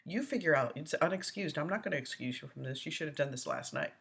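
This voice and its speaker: A woman's voice: low voice, expressive, fast talker, gravelly, fairly bright tone, slightly rough. A middle-aged woman hosting a casual commentary stream, chatting and rambling as she reads viewer comments aloud, often laughing. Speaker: host.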